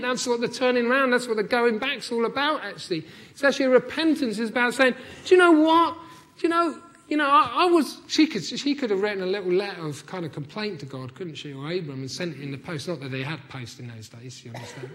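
A male preacher with a high-pitched voice delivers a sermon. He drops to near-hushed tones, then rises into emphatic, repeated phrases. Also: animated, brisk. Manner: swings from hushed to emphatic, repetitive.

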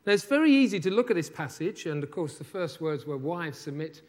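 A man's voice: fairly high pitch, big pitch swings, fairly quick. A man preaching a sermon in a conversational, thoughtful way, often restarting his phrases. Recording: church hall with long reverb.

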